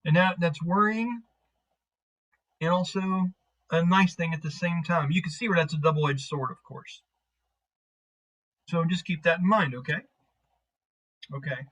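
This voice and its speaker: A man's voice: fairly high pitch, a little slow, long pauses, fairly bright tone, highs cut off. A man narrating as game master of a tabletop game, casual and profane, rambling through scenes.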